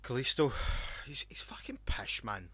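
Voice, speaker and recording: A man's voice: medium pitch, wildly swooping pitch, moderate pace, sharp tone, husky, dry recording, in a whisper. A young Scottish man co-hosting a podcast, blunt and sweary, with frequent laughter. His voice sits mid-range. The sound is dry, with no room around it. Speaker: podcast co-host. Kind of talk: casual wrestling banter.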